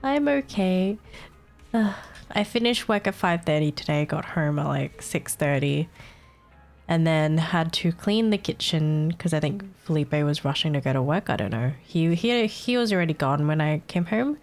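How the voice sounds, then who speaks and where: A woman's voice: low voice, lively intonation, moderate pace, a little mellow, faint music behind. Slightly congested young woman streamer. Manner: chatty, irritated, swears casually. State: a little congested. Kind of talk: casual live-stream chat.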